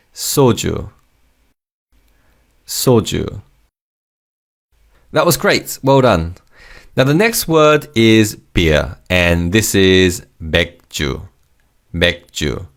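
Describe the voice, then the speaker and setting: A man's voice: sits low, gravelly. A man teaching vocabulary in a scripted lesson, patiently saying each word twice and praising the learner. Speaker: language teacher.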